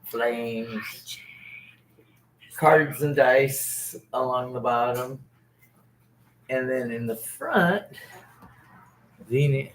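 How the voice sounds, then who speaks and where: A man speaking slowly and haltingly as a guest, describing things in casual chat. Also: medium pitch, fairly bright tone, a little hiss or hum, low-quality recording. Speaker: guest on live stream.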